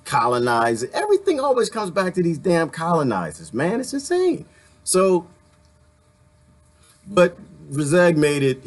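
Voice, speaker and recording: A man hosting a casual livestream, talking bluntly and repeating himself, a little annoyed. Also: mid-range voice. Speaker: livestream host.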